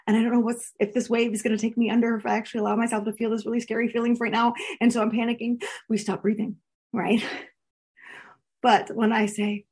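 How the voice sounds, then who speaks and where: A woman's voice: fairly high pitch, a little mellow, husky. A woman coaching listeners in a casual, earnest, candid talk, laughing often. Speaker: coach teaching a course.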